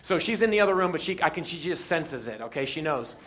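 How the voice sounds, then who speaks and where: A man preaching a sermon in a lively, joking way, stopping now and then to act out scenes. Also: fairly high pitch, fast. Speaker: pastor.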